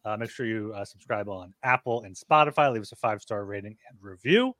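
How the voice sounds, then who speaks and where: A man's voice: on the low side, a little fast, fairly bright tone, no room sound, clean studio sound. A man co-hosting a sports betting podcast in a chatty, joking manner, reading promos. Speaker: podcast co-host. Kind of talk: casual podcast chat and ad reads.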